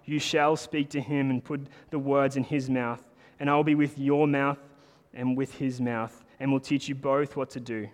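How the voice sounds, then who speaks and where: A man preaching a sermon in a casual, animated way, talking to the congregation like friends. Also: mid-range voice, normal speed, few pauses. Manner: conversational, animated preaching with lots of "like". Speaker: pastor. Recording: long hall reverb.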